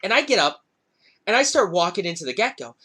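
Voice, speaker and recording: Sitting high and a touch rough, the young man's voice moves quickly as he hosts his podcast. He tells a casual story with plenty of profanity and animation.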